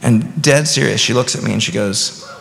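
A man's voice: medium pitch, moderate pace, vocal fry, a bit bright. A man in his thirties preaching a sermon as pastor, talking conversationally and rising to emphatic bursts. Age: 30s. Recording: long reverb of a large hall.

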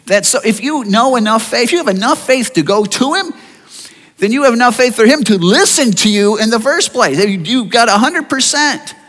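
A man preaching a sermon in an expressive way, asking his listeners rhetorical questions. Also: extremely high pitch, normal speed, big-room sound. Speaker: pastor.

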